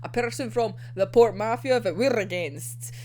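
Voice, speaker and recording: A woman's voice: on the high side, moderate pace, mellow, natural voice. A woman voicing a hot-headed teenage boy who snaps curtly and swears. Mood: annoyed. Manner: snappy, dismissive, swearing.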